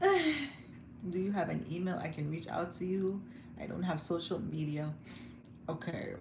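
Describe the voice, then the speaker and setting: A young woman talks candidly to her viewers, emotional and quick to laugh. Her voice sits a little low. The phone recording is roomy and echoey, with a steady noise under it. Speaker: vlogger. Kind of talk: casual livestream chat. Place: home room. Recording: echoey room with background noise.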